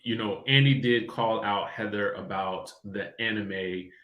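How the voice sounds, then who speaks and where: A man hosting a casual reality-TV chat show, animated and quick to laugh. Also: on the low side, reverberant. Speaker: podcast host.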